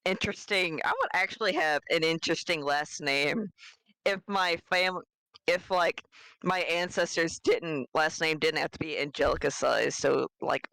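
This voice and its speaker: A speaker chatting casually on a podcast in a lively, joking way. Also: mid-range voice, moderate pace, creaky, no echo, rough recording. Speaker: podcast co-host. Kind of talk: casual chat.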